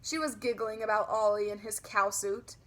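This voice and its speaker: A woman narrating a children's audiobook in a lively, childlike storytelling manner. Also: mid-range voice, normal speed.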